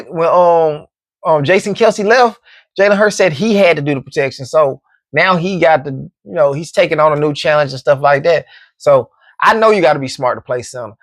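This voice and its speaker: A man's voice: a little high, no room sound, studio quality. A man hosting a casual football commentary show, laid-back and joking. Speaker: sports commentary host.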